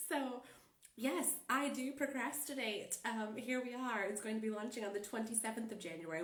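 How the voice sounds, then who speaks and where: A woman's voice: on the high side, normal speed, a bit bright. A woman coach with a stuffed-up cold, chatting casually and rambling with fillers and laughs. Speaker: life coach. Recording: roomy and distant from the mic.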